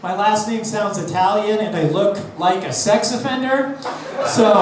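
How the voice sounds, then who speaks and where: A man's voice: high voice, a little slow, heavy background noise. A man from Los Angeles doing a stand-up comedy set, brash and profane, mocking himself in his punchlines. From Los Angeles, USA. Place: live comedy venue with audience. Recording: echoey room, distant mic, audience laughter.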